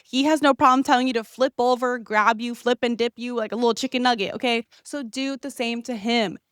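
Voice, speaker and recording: A young woman hosting a podcast, giving blunt, brash advice in casual chat, her voice nasal from a cold with a touch of vocal fry. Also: on the high side, steady tone, fairly quick, fairly bright tone, no room sound, clean studio sound. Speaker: podcast host.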